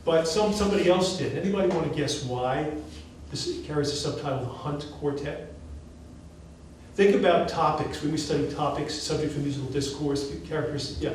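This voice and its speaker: A male music professor teaching a class, asking students questions in an animated, encouraging way. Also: fairly high pitch, normal speed. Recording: echoey classroom from far off, faint hiss.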